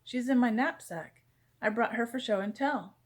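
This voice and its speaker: A woman voicing an excitable young schoolboy in a read-aloud storybook, eager and pleading. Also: fairly high pitch, normal speed, close to an everyday voice. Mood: earnest.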